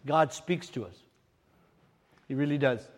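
An older man preaching a sermon as pastor, telling stories in an animated way that rises to excited exclamations, in a church hall. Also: medium pitch, unhurried. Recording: long hall reverb.

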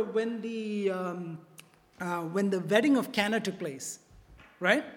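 A preacher giving a sermon in a church, repeating key phrases and often checking in with the congregation with a quick "right?" or "okay?". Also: mid-range voice. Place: church sanctuary. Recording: long reverb of a large hall.

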